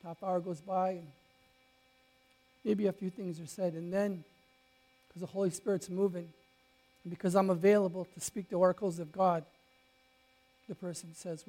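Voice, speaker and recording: A male pastor preaching to a congregation in a storytelling way. His voice climbs loud and bright in excited moments, then drops to a near hush, with many stumbles and restarts. A faint mains hum sits under the recording. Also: high-pitched, normal speed, long pauses. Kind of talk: sermon.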